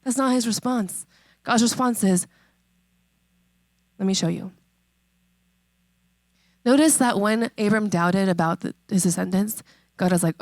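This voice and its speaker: A woman in her thirties preaching a sermon, conversational and emphatic, repeating questions and slowing on key phrases. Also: medium pitch, no room sound. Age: 30s. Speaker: pastor.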